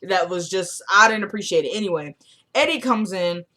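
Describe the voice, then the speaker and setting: A woman's voice: medium pitch, expressive, moderate pace, bright, forceful tone. A woman recapping a TV episode in a casual vlog, chatty and opinionated, with slangy asides. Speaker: TV recap vlogger.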